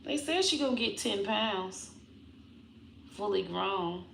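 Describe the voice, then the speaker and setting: Animated woman chatting in an echoey room. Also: slow, creaky, slight background noise. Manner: animated, slips into high baby talk to her dog. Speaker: comedian vlogger talking about her puppy. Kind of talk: casual chat to viewers.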